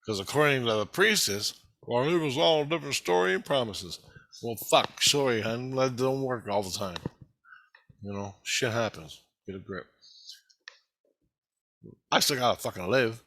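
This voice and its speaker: A man's voice: mid-range voice, lively intonation, normal speed, long pauses, a bit bright. A man talking in a rambling personal video monologue, heated and heavily profane. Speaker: vlogger.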